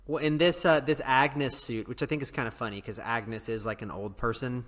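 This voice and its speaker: A man's voice: medium pitch, steady tone, moderate pace, a bit bright, long reverb tail. A man co-hosting a podcast in casual chat, rambling and joking, laughing often. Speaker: podcast co-host.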